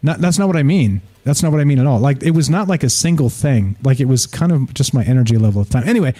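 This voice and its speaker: Mellow-voiced rambling male podcast host. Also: mid-range voice, lively intonation, fast talker. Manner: rambling, profane, frequent restarts. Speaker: podcast host reading listener comments. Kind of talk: casual live-show chat.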